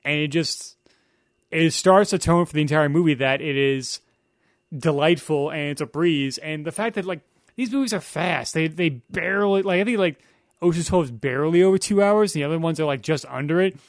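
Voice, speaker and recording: A man's voice: a little high, normal speed, no echo, clean studio sound. A young man talking as a guest on a casual film podcast, explaining editing in an analytical way with many fillers.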